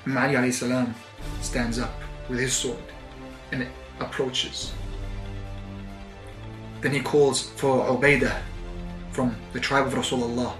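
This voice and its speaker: A man's voice: mid-range voice, little pitch movement, a little slow, pauses often, echoey room, music in the background. A man preaching, telling a dramatic story with building intensity and acting out the voices of the people in it. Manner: vivid, building intensity, acts out quoted voices.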